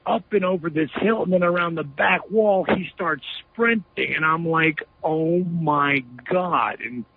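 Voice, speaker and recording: A man's voice: sits high, moderate pace, creaky, husky, dry recording. A man being interviewed, telling a story emphatically with lots of "you know" fillers over a phone line. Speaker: interview guest.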